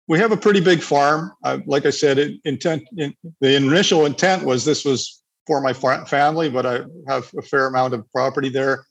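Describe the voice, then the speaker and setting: A man's voice: mid-range voice, a little fast, creaky, hardly any pauses, low-quality recording. A man from Canada answering questions casually in a webinar, rambling with many restarts. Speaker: eco village developer.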